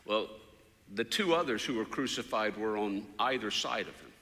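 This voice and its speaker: A man preaching a sermon as a story, his voice climbing loud for shouted quotes and falling soft for prayers. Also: lowish voice, animated, moderate pace. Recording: long hall reverb.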